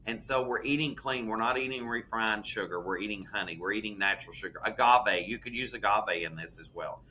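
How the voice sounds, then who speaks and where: A man with a Southern US accent chatting as a podcast co-host, folksy and animated, calling the listener "honey". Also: lowish voice, brisk, slight background noise. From American South. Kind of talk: casual chat.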